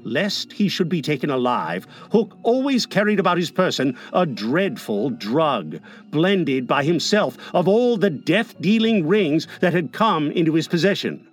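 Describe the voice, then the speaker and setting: A man narrating a storybook aloud in a dramatic way, shifting from hushed to lively. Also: on the high side, unhurried, few pauses, faint music behind. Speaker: audiobook narrator. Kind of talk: expressive storybook reading.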